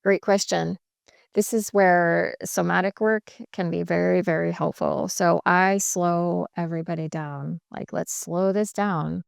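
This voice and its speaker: A woman working as a couples coach, explaining in a measured and emphatic way on a podcast. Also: fairly low pitch, steady tone, vocal fry, clean tone, no room sound, clean studio sound.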